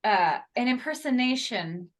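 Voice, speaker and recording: A woman co-hosting a podcast in casual chat with her best friend, animated and quick to laugh. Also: on the high side. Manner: animated, laughs often, reflective asides. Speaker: podcast co-host.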